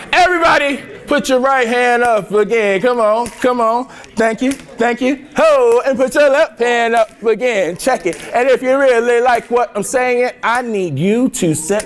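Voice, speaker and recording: A young man from near Chicago giving an energetic keynote speech to students, joking and leading call-and-response chants with slangy, playful talk. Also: very high voice, a little slow. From Harvey, Illinois, near Chicago. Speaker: keynote speaker. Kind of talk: motivational speech to a student crowd. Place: large hall with a student audience.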